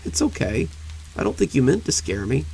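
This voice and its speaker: A man voicing a young boy trying to be brave, shaky and nervous, with a creaky, husky voice. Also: medium pitch, huge pitch swings, brisk, full character voice, low-quality recording. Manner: shaky, nervous, then gentle.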